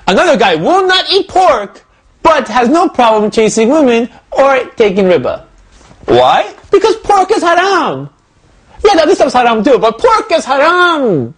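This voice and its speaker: A man hosting a comedy video talks straight to the camera, joking one moment and lecturing earnestly the next. His voice is fairly high and a little husky. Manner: joking, then preachy and earnest. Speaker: host.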